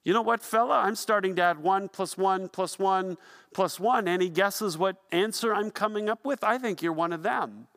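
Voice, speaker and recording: A man's voice: fairly high pitch, sing-song, normal speed, creaky, few pauses, a bit bright, big-room sound, full character voice. A man voicing a taunting man in a hostile crowd, with a mocking, needling way of talking.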